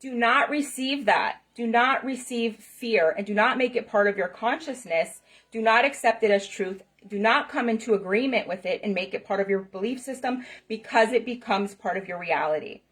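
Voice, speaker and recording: With hardly any pauses, a middle-aged woman talks to camera at a moderate pace, her voice on the high side and fairly bright. She's a spiritual self-help speaker, and her motivational message is emphatic, passionate and repetitive, punctuated by "okay?" and "right?".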